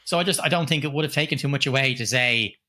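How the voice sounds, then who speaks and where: A man's voice: mid-range voice, fast talker, bright, forceful tone. A middle-aged man co-hosting a podcast, chatting casually about a film and rambling with lots of restarts and casual swearing. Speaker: podcast co-host. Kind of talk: casual film review chat.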